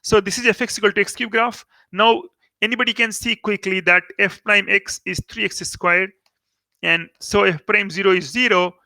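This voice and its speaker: Man, maths teacher, Indian English accent, high gravelly voice, dry close sound. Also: bright, forceful tone, dry recording. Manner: explains step by step, repeats and emphasizes key words. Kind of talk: recorded online lecture.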